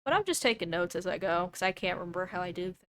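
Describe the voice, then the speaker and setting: A woman's voice: on the low side, animated, racing, fairly bright tone. Rambling young woman drawing on stream. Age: young adult. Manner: rambling and self-doubting, thinking aloud. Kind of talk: casual chat while drawing on stream.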